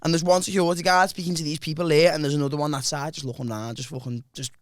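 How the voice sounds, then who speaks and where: A man's voice: fairly high pitch, very fast. A man with a Liverpool accent hosting a podcast, telling a story in a casual, sweary way with lots of quoted dialogue. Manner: swears a lot, tells stories with lively quoted dialogue. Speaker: podcast host.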